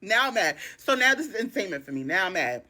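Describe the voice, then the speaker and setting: A woman telling a personal story casually and dramatically, jumping into high outbursts when she quotes herself. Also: very animated, fast, bright, forceful tone.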